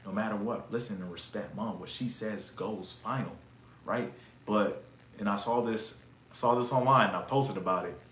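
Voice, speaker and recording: A man hosting a casual podcast monologue, talking in an emphatic, animated, slangy and preachy way. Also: lowish voice, normal speed, a little hiss or hum. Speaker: podcast host. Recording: echoey room with faint ambience.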